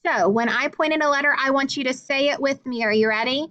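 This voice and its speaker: A woman teaching a phonics lesson to young children, speaking slowly and clearly with frequent encouraging praise. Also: high-pitched, sharp tone, lo-fi sound.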